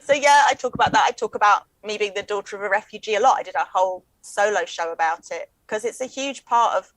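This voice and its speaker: A woman, chatting as a comedian guest in a quick, wry, joking way. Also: mid-range voice, fairly bright tone, dry recording, low-quality recording. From England. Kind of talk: casual chat.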